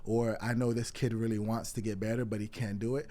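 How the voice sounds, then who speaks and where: A man's voice: fairly low pitch, flat delivery, brisk, warm tone. A young man in his twenties, a wrestling coach telling stories in a casual interview, acting out quoted dialogue with lots of "like" fillers.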